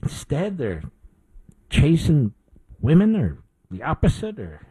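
A man's voice: fairly high pitch, huge pitch swings, slow, warm tone, husky, no echo, low-quality recording. A middle-aged man hosting a political talk show, delivering an indignant opinion monologue with emphatic repetition.

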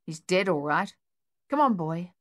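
A woman's voice: fairly low pitch, big pitch swings, measured pace. Storybook farm boy, eager and brave, voiced by a woman reader.

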